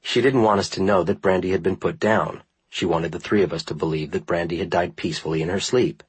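A man narrating a first-person memoir in a measured, earnest reading style. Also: low voice, slightly rough, no echo, low-quality recording. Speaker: audiobook narrator.

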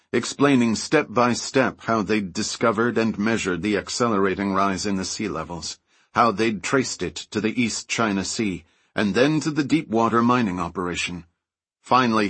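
A man narrating an audiobook in an even, measured reading. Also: lowish voice, slightly rough, no room sound. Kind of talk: scripted narration.

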